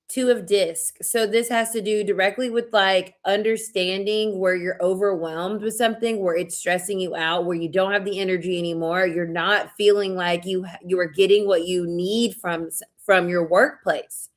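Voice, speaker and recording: Slow-talking emotional woman reading tarot. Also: medium pitch. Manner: emotional, heartfelt, spiritual pep-talk. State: sad, near tears. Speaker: tarot reader. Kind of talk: live-stream tarot reading.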